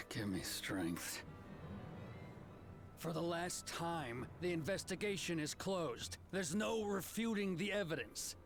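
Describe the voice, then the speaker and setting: An actor playing a weary, haughty deputy chief who sighs and talks down in formal words, over game music. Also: male voice, a little high, big pitch swings, slow pace, heavily acted. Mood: weary, condescending. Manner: sighing, exasperated, formal and condescending. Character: weary, haughty male lawman, middle-aged. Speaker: deputy chief of a frontier town's watch.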